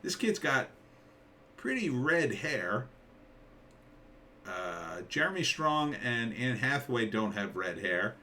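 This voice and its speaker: A man rants about a trailer in a loose, rambling way, full of filler words and disbelieving questions. His voice sits at an ordinary middle pitch. He is set back from the mic, with a faint hiss of noise behind him. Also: sing-song, takes it slowly, long pauses, bright, forceful tone, distant mic. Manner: rambling and incredulous, heavy on fillers. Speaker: screenwriter reviewing a movie trailer. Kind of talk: casual ranting commentary.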